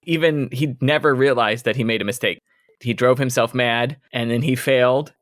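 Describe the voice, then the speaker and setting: A man's voice: mid-range voice, fairly even intonation, moderate pace, no room sound. A man co-hosts a book podcast, chiming in with short comments. His voice sits in an ordinary middle range. The recording is dry with no room sound. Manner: adds comments, chuckles often. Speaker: podcast co-host. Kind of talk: casual podcast book discussion.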